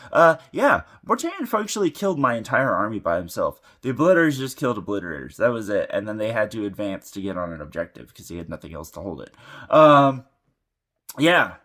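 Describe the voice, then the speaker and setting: A man's voice: fairly low pitch, fairly bright tone. A man hosting a tabletop gaming channel, giving a casual, rambling recap of his game with many fillers and restarts while getting over an illness. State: sick.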